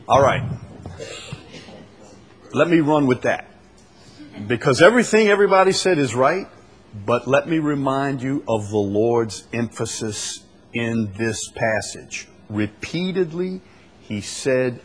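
A husky-voiced man preaches to a small church group, hammering his points with repetition. He fires off rhetorical questions, building up to each point. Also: mid-range voice, expressive, takes it slowly. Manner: emphatic, repeats key phrases, asks rhetorical questions. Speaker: pastor leading a Bible study. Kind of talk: preaching Bible study.

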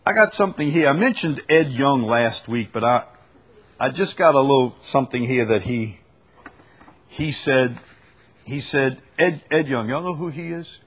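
A man's voice: mid-range voice, moderate pace, fairly bright tone, husky. A man hosting a preaching talk show, emphatic and repeating his key points. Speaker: host.

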